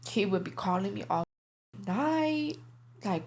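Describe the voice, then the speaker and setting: A woman's voice: medium pitch, sing-song, moderate pace. A young woman guest recounting her life in a casual interview, candid and profane, with plenty of filler words.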